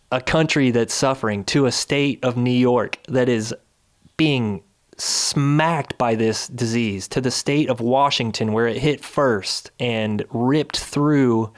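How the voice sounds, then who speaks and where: A man hosting his own video series from his couch, delivering a fiery, indignant rant full of hammering rhetorical questions. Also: mid-range voice. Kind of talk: angry ranting commentary. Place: at home on a couch.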